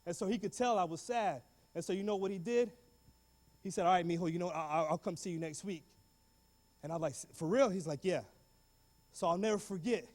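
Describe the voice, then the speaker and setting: A man with a notably high voice gives a motivational talk to students, animated and full of street slang. He acts out other people's voices as he tells his story. The sound rings with the long echo of a big hall. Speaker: guest speaker.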